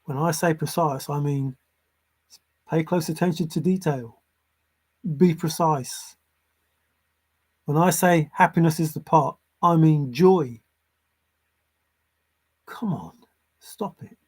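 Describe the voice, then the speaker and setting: A man's voice: a little high, takes it slowly, pauses often, darkish tone, slightly rough. A man giving unscripted solo commentary as a treasure-hunt vlogger, sarcastic and exasperated, swearing and repeating phrases for emphasis.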